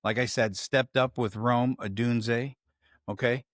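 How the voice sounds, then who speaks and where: Profane, rambling Chicago sports host. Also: male voice, mid-range voice, steady tone, slow pace, no room sound, clean studio sound. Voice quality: profane, rambling, self-interrupting. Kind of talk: casual sports commentary.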